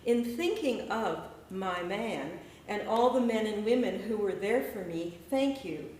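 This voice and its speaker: A woman poet giving a measured, deliberate poetry reading and spoken-word performance in a gallery. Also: mid-range voice, animated, a little mellow, slight background noise. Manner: measured, deliberate, rhythmic delivery. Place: echoey gallery hall. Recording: echoey room, mic far away.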